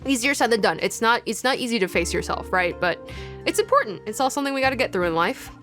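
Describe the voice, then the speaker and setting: A woman with a slight lisp hosting a let's play, chatting in an animated way and cracking goofy asides. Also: on the high side, quick pace, soft background music. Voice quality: slight lisp from heavy de-essing. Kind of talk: casual gameplay commentary.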